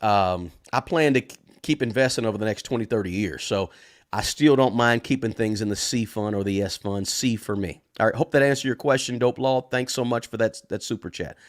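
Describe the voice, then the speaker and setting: A man's voice: on the low side, a little fast. A man in his fifties hosting a live Q&A stream, chatty and informal, often addressing viewers as guys. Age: 50s. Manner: chatty, calls audience "guys", greets viewers. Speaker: livestream host. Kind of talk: live Q&A chat.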